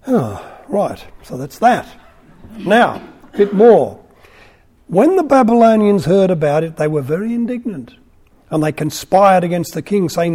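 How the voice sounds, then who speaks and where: A man's voice: high-pitched, very animated, measured pace, pauses often, a little mellow. A man teaching a class, reading a scripture story aloud and adding wry, conversational asides.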